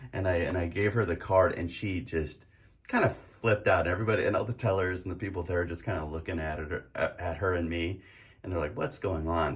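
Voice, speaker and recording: A man vlogging casually about card collecting, telling a chatty, rambling story with fillers and laughs. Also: deep voice.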